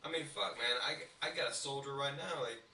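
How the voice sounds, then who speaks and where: A man's voice: medium pitch, brisk, creaky, sharp tone. A young man talking bluntly and profanely in casual podcast chat. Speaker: podcast co-host. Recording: echoey room, mic at a distance, faint hiss.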